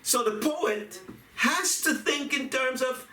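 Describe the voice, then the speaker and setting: A man giving a reflective talk on poetry and music, speaking deliberately, repeating phrases and chanting rhythms aloud. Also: very high voice, bright, forceful tone. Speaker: video essayist on poetry and music. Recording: echoey room, voice from a distance.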